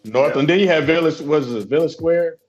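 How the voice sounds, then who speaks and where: A man's voice: on the high side, fairly quick, a little mellow, muffled recording, soft background music. A man with a St. cohosting a radio show, laid-back and joking in slangy, casual chat.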